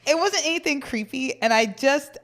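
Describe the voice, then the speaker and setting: A woman's voice: sits high, expressive, normal speed, fairly bright tone. A young woman co-hosting a podcast, telling stories in casual chat and giggling often. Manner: giggly storytelling. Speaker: podcast co-host.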